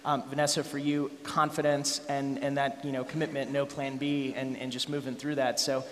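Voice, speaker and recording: A man's voice: mid-range voice, little pitch movement, normal speed, slight background noise. A man moderating a panel, recapping what each speaker said, thanking them and handing over to the next. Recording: echoey event hall.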